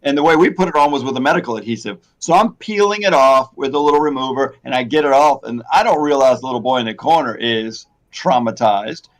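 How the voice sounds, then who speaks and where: A man's voice: mid-range voice, fast, hardly any pauses. A man and longtime hair replacement stylist in a casual chat, rambling a little and laughing often.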